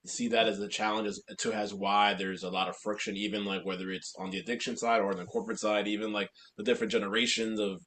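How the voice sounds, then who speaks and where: A male podcast host asking questions in a relaxed way, trailing off with fillers. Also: lowish voice, fast, few pauses, slight background noise. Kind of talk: interview questions.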